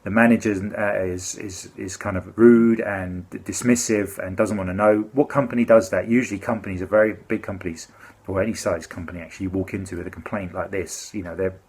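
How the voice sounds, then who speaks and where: A man with a husky, slightly breathy voice pitched on the low side. He tells a complaint story in loose, rambling speech, full of restarts and self-corrections. His indignation keeps breaking through as he goes. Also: darkish tone. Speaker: complaining customer. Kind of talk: casual spoken complaint.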